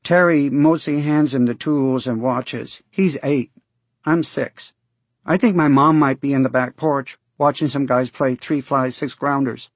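Eager six-year-old boy, high and chattering, read by a man, slightly husky. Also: fairly even intonation, measured pace, no room sound. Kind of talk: audiobook character voice.

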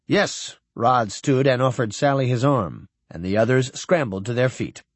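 A man narrating an audiobook in an expressive, steady storytelling manner. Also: medium pitch, moderate pace, no room sound. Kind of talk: scripted narration.

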